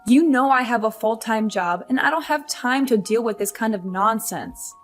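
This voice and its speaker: A woman's voice: fairly high pitch, lively intonation, moderate pace, lightly acted. An actress playing a frustrated young career wife who complains about her mother-in-law, over faint music. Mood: upset. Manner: upset, complaining.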